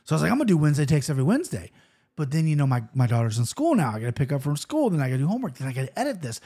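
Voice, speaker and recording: A man in his thirties hosting a casual fight-sports betting show, rambling quickly with restarts and the odd curse. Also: mid-range voice, very animated, mellow, breathy edge. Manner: rambling, fast-talking with frequent restarts and swearing. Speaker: show host. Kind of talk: casual MMA betting commentary.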